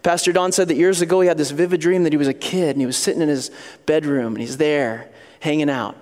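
A man's voice: a little high, steady tone, quick pace, a little mellow. A male pastor preaching a sermon in an earnest, conversational storytelling manner. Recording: long hall reverb.

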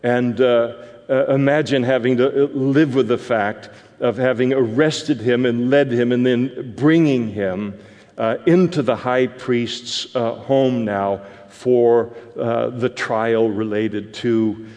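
A man preaching a verse-by-verse sermon, pausing often on fillers and restarts, then building to emphatic peaks. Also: medium pitch, steady tone, a little mellow, big-room sound.

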